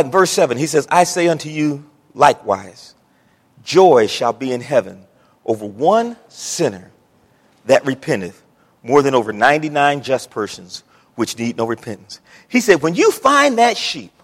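Animated high-voiced man preaching. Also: husky, in a large hall. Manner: animated preaching, Southern folksy speech, acts out quotes. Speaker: pastor. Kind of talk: sermon.

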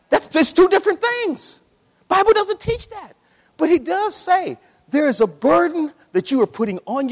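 A man preaching a sermon as pastor, passionate, repeating his phrases and acting out the voices in his story. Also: very high-pitched. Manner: impassioned, repeats phrases, acts out quoted voices. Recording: long reverb of a large hall.

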